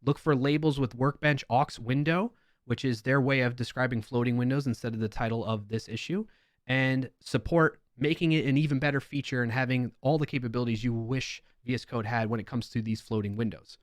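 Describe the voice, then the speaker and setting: A man with a New York accent talks through a casual reaction video as a developer YouTuber. His voice sits at an ordinary middle pitch, and he tosses in wry asides. The sound is dry, with no room around it. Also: steady tone, fairly quick, dry recording. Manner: chatty, wry asides while reading comments aloud.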